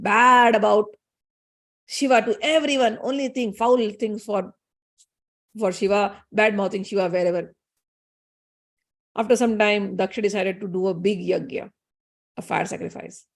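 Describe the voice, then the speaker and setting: A woman retelling a sacred legend in a chatty, animated way. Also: mid-range voice. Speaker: storyteller. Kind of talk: casual scripture storytelling.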